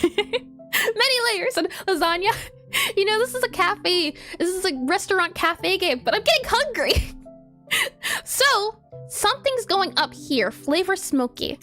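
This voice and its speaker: A woman's voice: very high voice, animated, measured pace, bright, forceful tone, soft background music. A woman game developer on a casual live coding stream, giggling often and explaining her steps as she thinks aloud.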